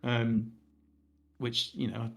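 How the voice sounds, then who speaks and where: A man co-hosts a casual podcast, teasing his friend and tossing in short quips, with faint music in the background. His mid-range voice is creaky and a bit bright, with little pitch movement and drawn-out words.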